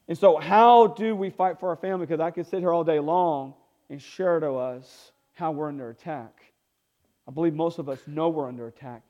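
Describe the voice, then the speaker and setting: A man's voice: fairly high pitch, warm tone, muffled recording. A male pastor preaching a sermon, emphatic and repetitive, calling for responses from the congregation.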